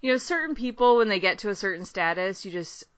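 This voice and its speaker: A woman co-hosting a podcast, telling a long, excited story in casual chat, rambling and laughing often. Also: medium pitch, quick pace, dry recording. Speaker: podcast co-host.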